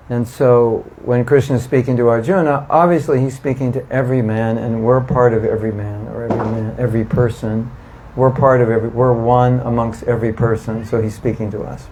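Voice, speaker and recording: A man's voice: medium pitch, darkish tone, slight background noise, rough recording. A man giving an informal devotional class to a live audience, chatty and emphatic, often asking listeners questions. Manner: conversational, asks the audience questions, emphatic repetition. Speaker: spiritual teacher giving a class.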